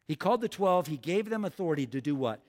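A man's voice: on the high side, expressive, fast talker, a little mellow. A man preaching a sermon as pastor, emphatic, repeating lines for the congregation to say back. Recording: long hall reverb.

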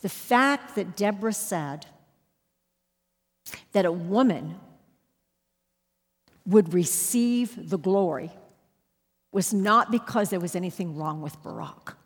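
A woman Bible teacher giving a sermon, telling a personal story with emphatic, sudden loud rises. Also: on the low side, animated, takes it slowly, pauses often, breathy edge, big-room sound.

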